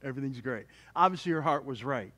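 A male pastor preaching a sermon in an animated, joking way, with many restarts. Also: mid-range voice, fast.

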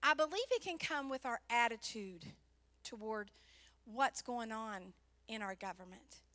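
A woman speaking at a church, a pastor's wife telling an animated personal story within a sermon. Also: a little high, unhurried.

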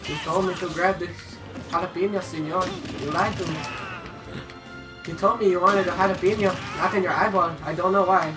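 A man's voice: high-pitched, fairly even intonation, a little fast, loud music behind the voice, close to an everyday voice. A man putting on a silly indignant mock-accented guy. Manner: exaggerated, accusing.

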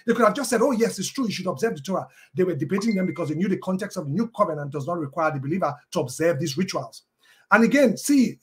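Male debater, high-pitched voice, halting delivery full of fillers, reads out scripture passages. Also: fairly bright tone. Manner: halting, with many ums and uhs and restarts. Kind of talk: debate argument quoting scripture.

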